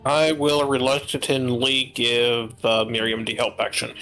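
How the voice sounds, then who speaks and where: A man's voice: mid-range voice, little pitch movement, measured pace, pushed and bright, soft background music. Wry man playing a tabletop game. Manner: wry, reluctant asides about his character. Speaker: player. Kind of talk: casual tabletop play.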